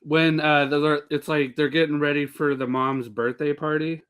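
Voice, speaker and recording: A man's voice: a little high, little pitch movement, normal speed, a bit bright, smooth. A man co-hosting a podcast, rambling a bit as he describes scenes from shows. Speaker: podcast co-host. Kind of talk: casual chat.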